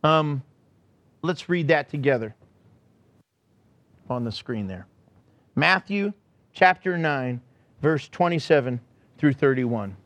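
A man preaching a sermon in a church, animated and joking, acting out the people he describes. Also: a little high, slow pace, pauses often, no room sound. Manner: animated, acts out quotes, joking. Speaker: pastor.

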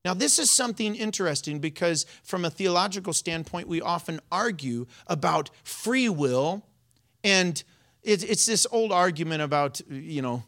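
A pastor giving a sermon in a playful, animated way, often breaking into laughter while explaining scripture. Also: mid-range voice, moderate pace.

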